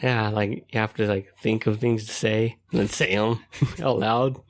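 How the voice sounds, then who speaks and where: A man co-hosts a podcast in casual chat, rambling with plenty of fillers and frequent laughter. His voice is on the low side, at normal speed with fairly even intonation.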